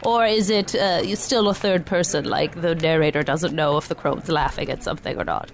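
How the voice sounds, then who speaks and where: A woman's voice: deep voice, moderate pace. A woman voicing a sly, cheery old crone baker, rambling in an improvised comedy bit. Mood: wry. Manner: rambling, wry, playfully sinister. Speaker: guest. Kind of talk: improvised comedy role-play.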